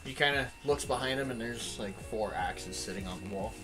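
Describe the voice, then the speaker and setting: A woman's voice: extremely low pitch, brisk, music in the background. A woman narrating as game master of a tabletop game on a live stream, hesitating with fillers as she describes scenes.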